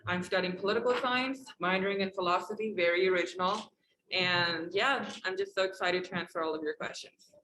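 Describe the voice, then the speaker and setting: A woman's voice: medium pitch, fairly quick, fairly bright tone. A young woman, a student peer mentor, introducing herself on a panel in a bubbly, enthusiastic way. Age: young adult. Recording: echoey room.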